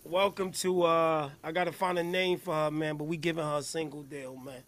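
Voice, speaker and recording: A man hosting a casual podcast, reacting to a song with loud, laughing, slangy banter. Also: on the high side, level tone, fairly quick, a little hiss or hum. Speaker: podcast host. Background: hip hop and R&B song playing.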